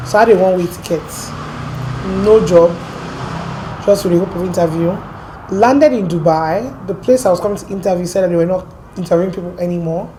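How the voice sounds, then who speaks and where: A woman with an American accent, from Port Harcourt, telling her story as an interview guest in a lively, animated way. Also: lowish voice, fairly quick, noisy background. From Port Harcourt, Nigeria. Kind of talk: casual storytelling.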